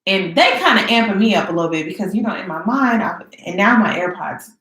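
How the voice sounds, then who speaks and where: A young woman in her twenties telling a casual storytime, animated and dramatic, full of slangy asides. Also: mid-range voice, brisk, hardly any pauses. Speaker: vlogger. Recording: echoey room.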